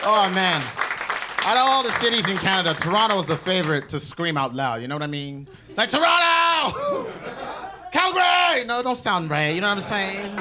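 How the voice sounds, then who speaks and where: A man from Nigeria doing improvised stand-up on a club stage, riffing on crowd shouts with mock anger. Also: sits high, expressive, a little fast, very noisy. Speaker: stand-up comedian. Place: comedy club stage with live audience. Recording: crowd laughter loud behind.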